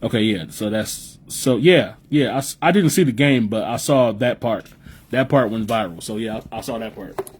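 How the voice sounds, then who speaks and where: Slight background noise sits under this young Midwestern man's lowish voice, delivered at normal speed. He hosts a live podcast, reading chat and talking loosely with viewers, swearing and repeating himself as he rambles.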